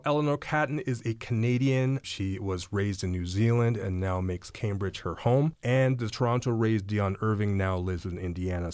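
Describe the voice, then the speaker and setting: A man's voice: low-pitched, darkish tone, no room sound. A man on radio discussing shortlisted novels with enthusiasm, explaining each book with some fillers. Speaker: books columnist.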